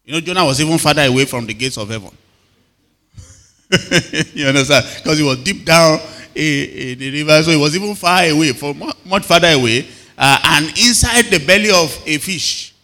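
Brief: Nigerian male pastor, bright forceful voice, engaging congregation with frequent questions, long hall reverb. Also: on the high side, animated, normal speed. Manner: call-and-response questions to the congregation. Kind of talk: sermon.

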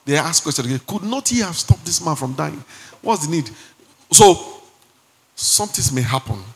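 Nigerian pastor man preaching, lively pidgin asides, voice kinda high, big echoey hall. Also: moderate pace. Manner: animated, mixing Pidgin asides and acted-out quotes. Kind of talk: sermon. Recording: long hall reverb.

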